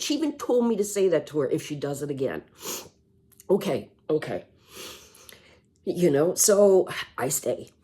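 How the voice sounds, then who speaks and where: A middle-aged woman telling a personal story in a vlog, halting and sighing, often restarting her words. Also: deep voice, sing-song, warm tone, slightly rough. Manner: halting, repeats words, sighs. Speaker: vlogger.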